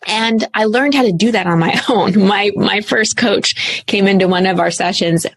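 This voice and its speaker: A woman in her thirties, a coach speaking as an interview guest, telling her story in an earnest, animated way with casual fillers. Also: medium pitch, moderate pace, no echo. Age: 30s. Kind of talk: candid interview talk.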